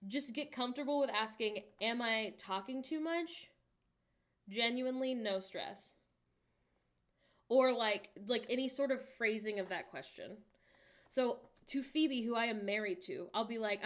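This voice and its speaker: A woman in her late twenties, hosting a livestream in a casual, candid chat and reading viewer messages aloud with animated asides. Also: a little high, measured pace. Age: late 20s. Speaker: livestream host.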